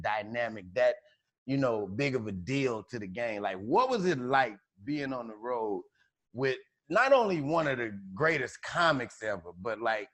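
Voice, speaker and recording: A man's voice: medium pitch, fairly bright tone. A male comedian host in a mid-range voice, asking questions loosely and casually. He swears freely and leans on fillers as he talks. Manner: loose, filler-heavy, profane. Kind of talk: casual interview chat.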